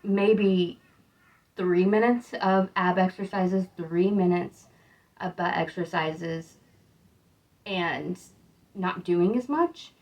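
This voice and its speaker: A woman's voice: lowish voice, takes it slowly, long pauses, darkish tone, highs cut off. A young American woman chatting casually in a vlog, rambling and upbeat, sounding tired. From United States. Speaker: vlogger.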